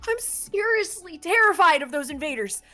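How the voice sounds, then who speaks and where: Woman reading a scared, broke young man; high, bright, whiny game dialogue. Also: animated, moderate pace, faint music behind, exaggerated voice.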